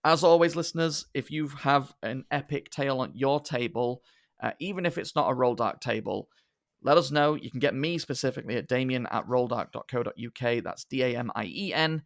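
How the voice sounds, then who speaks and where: A podcast host with a gravelly, creaky voice at an ordinary pitch. He talks courteously, with plenty of pauses and "uh"s. The sound is dry and close. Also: no echo. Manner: polite, hesitant, many fillers. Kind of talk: casual podcast sign-off.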